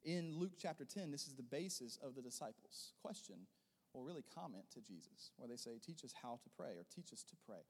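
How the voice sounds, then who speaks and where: A man preaching a sermon as a pastor, rising into loud emphatic bursts and then dropping into softer, quieter teaching. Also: mid-range voice, expressive, brisk, in a large hall.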